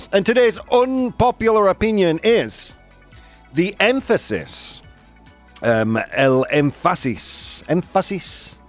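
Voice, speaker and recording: Male morning-show host, mid-pitched, very animated, casual and playful. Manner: playful, chatty, swings pitch for emphasis. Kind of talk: casual bilingual chat show hosting.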